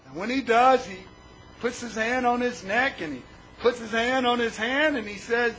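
A man's voice: extremely high pitch, expressive, a little slow, sharp tone, slightly rough, rough recording. A man preaching a sermon, retelling a Bible story dramatically and calling out questions to the listeners.

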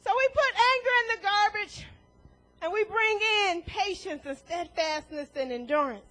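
Woman preacher, very high voice, animated, laughs often, acts out voices. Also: moderate pace, low-quality recording. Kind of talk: sermon.

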